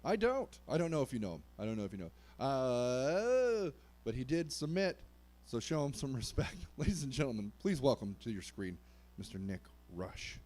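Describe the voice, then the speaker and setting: A man's voice: medium pitch, sing-song, moderate pace, darkish tone. Rambling male open mic host. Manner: loose, rambling introductions. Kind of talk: casual live-stream hosting.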